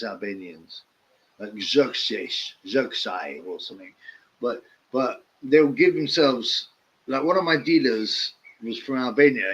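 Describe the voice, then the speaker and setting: A man with rambles through stories on his livestream, his pitch swinging widely as he laughs and mimics people. He talks at an unhurried pace, and the stream audio sounds dull and lo-fi. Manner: laughs often, lively storytelling with mimicked voices. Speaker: livestream host. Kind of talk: casual rambling storytelling.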